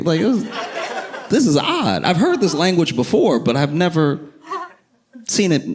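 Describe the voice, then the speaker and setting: A male stand-up comedian telling a story in an animated way and acting out the people in it. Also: a little high, unhurried, long pauses, a crowd in the background. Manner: animated, acts out characters.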